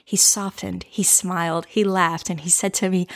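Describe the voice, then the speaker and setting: A woman hosting a show, telling a personal story as a lesson in a playful, animated way, often checking in with "right?" and laughing. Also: lowish voice, normal speed, creaky. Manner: animated, with frequent tag questions. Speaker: podcast host.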